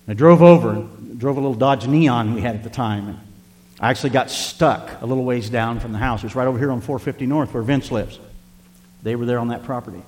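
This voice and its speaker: An older man preaching a sermon as pastor, telling a personal story in an earnest, tender way to his congregation. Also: medium pitch. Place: church sanctuary. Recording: long hall reverb.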